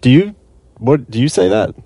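A man's voice: fairly high pitch, expressive, normal speed, creaky, mellow, no room sound. A man appearing as a guest writer on a podcast, who answers in short, dry replies. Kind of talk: casual interview conversation.

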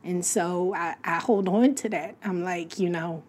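A middle-aged woman, a guest sharing an emotional, lively personal story on a talk show and quoting the people in it. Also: on the low side, measured pace, slight background noise. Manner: emotional, lively storytelling with voiced quotes of her late husband. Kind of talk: casual heartfelt talk show conversation.

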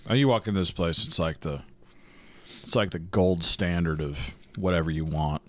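A man's voice: sits low, normal speed. A man chatting casually while eating, rambling and swearing freely as co-host. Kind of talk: casual chat, eating on camera.

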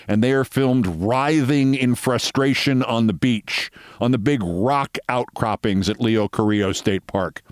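A middle-aged man hosts a show, spinning a long story with wry, sardonic humor and voicing both sides of the conversation himself. His voice sits in the mid range, and the recording is dry and clean, with a studio sound.

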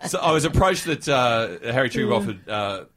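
A man's voice: mid-range voice, animated, brisk, fairly bright tone. An Australian man co-hosting a casual radio chat, wry and chuckling, with frequent restarts. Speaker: radio co-host.

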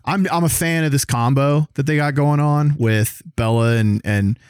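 A man from the American South, chatting casually as a co-host, rambling, excitable and full of swearing. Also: medium pitch, moderate pace, clear, resonant tone, no room sound, clean studio sound. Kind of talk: casual chat.

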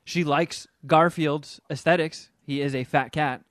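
A man in casual podcast chat, recapping a film with lively, animated delivery. His voice sits a little high for a man. The sound is dry and close, with no room around it. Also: unhurried, clean tone, no echo. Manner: animated storyteller, hams up silly voices for the characters he describes. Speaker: podcast co-host reviewing a film.

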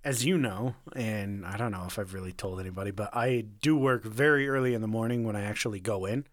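A young man with a fairly low voice talks fast, recorded with clean studio sound and no room echo. Co-hosting a casual podcast, he tells a story full of swearing, laughter and self-mockery.

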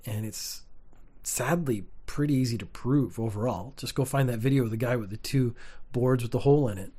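A young man, rambling through a casual comedic monologue with wry, deadpan asides. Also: medium pitch, a little fast, slightly rough. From Canada.

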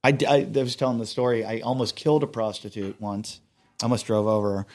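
A man's voice: lowish voice, quick pace, darkish tone. A man telling a long story in casual podcast chat, rambling, swearing and mocking himself.

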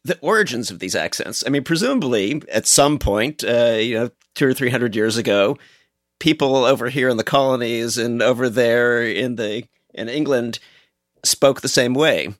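Curious American co-host asking questions. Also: male voice, medium pitch, moderate pace, no room sound, studio quality. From United States. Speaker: podcast co-host. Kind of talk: conversational interview question.

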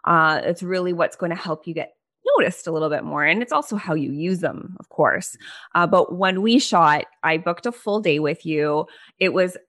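Lady podcast host, chatty and excited, kinda low voice for a woman. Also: moderate pace. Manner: enthusiastic, chatty, laughs often. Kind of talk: casual interview chat.

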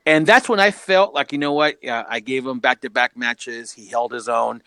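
A man tells wrestling stories in loose, casual chat, acting out what people said and laughing along the way. His voice sits at an ordinary middle pitch. The sound is dry and close. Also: moderate pace, clear, resonant tone, no echo. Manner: animated, laughing, acts out quotes. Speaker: wrestling promoter.

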